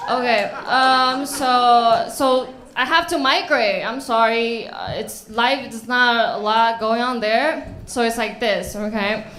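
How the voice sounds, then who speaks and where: A woman doing a nervous, halting stand-up set on a club stage. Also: fairly high pitch, fairly bright tone. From Taiwan. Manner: nervous, halting, lots of ums. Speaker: open-mic comedian. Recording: echoey club with audience.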